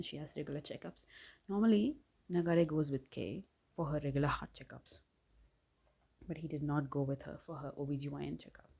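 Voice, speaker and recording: A woman's voice: low-pitched, steady tone, fairly quick, vocal fry, a little mellow, slightly rough. A woman casually ranting in a book review vlog, exasperated, with laughing asides and whispered remarks. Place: home filming setup.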